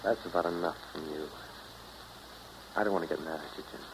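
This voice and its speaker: An actor as a blunt, steady old friend. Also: male voice, low-pitched, fast, noisy background, lightly acted. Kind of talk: 1940s radio acting.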